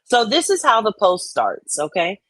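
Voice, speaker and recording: Brief: laid-back woman host, mid-pitched voice, dry close mic, reading comments. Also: wildly swooping pitch, moderate pace, a bit bright, no echo, poor audio. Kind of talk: casual livestream chat.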